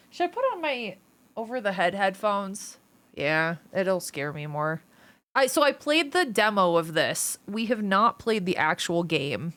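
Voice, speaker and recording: On her livestream, a woman banters casually with viewers in a medium-pitched, sing-song voice that's a touch bright and a little slow. Her manner is playful and teasing as she jokes with the chat.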